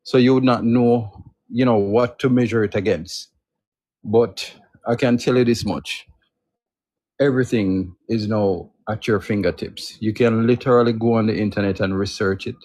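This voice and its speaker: Assertive male host, steady and lecturing, mid-pitched. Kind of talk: persuasive commentary.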